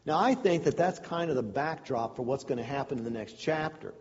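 Pastor type, casual explainer delivering a sermon, long hall reverb, slightly muffled recording. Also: male voice, medium pitch, expressive, a little fast, darkish tone. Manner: conversational, folksy asides.

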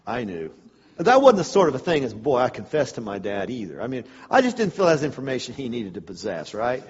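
A man telling a humorous personal story to a live audience, swinging between loud outbursts and hushed asides. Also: high voice, breathy edge, long reverb tail, muffled recording.

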